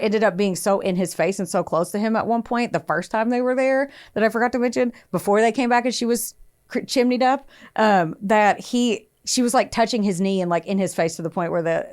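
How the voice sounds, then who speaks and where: A young adult woman co-hosting a podcast, telling a true crime story in casual chat, acting out quotes in raised voices and swearing freely. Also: medium pitch.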